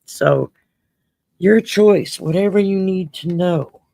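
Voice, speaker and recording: A woman's voice: fairly low pitch, takes it slowly, dark tone, no echo. A woman from Louisiana with a Cajun accent, hosting a casual late-night stream, reading cards for viewers with salty jokes and cussing. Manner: salty, jokey, swears freely and laughs often.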